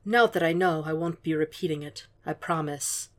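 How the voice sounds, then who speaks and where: Woman voicing Hannibal, soft-spoken and coaxing. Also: low-pitched, moderate pace, natural voice. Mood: murmuring. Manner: soft, murmuring delivery. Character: cool, controlled man, soft-spoken and coaxing.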